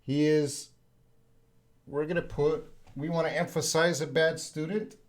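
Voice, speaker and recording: Canadian guy teaching english live, talks real slow and patient, chatty, keeps repeating examples. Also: a little high, steady tone.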